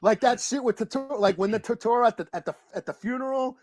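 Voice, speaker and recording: A man co-hosting a podcast, chatting casually about a movie, rambling, excitable and swearing freely. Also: very high-pitched, fast. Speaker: podcast co-host. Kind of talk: casual movie review chat.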